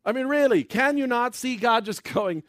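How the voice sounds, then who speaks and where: A man giving a sermon, retelling a Bible story with playful asides and quick impressions of the characters. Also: very high voice, a bit bright, no echo, studio quality. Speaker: preacher.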